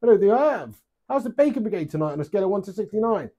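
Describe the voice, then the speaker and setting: A young man chatting casually on a live stream, rambling, swearing freely and getting animated. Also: high voice, racing.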